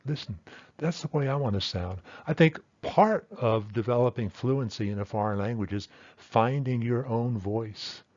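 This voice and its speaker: A man's voice: lowish voice, expressive, normal speed, a little mellow, dry recording. Thoughtful male teacher, dry muffled sound. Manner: thoughtful, with fillers and self-corrections. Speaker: language teacher. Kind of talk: explanatory lesson talk.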